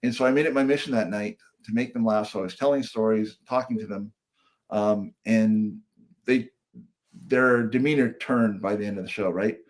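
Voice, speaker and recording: A man's voice: lowish voice, normal speed. Man telling a heartfelt story. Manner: earnest, reflective storyteller. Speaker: guest, comedian and keynote speaker. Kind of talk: storytelling in a podcast interview.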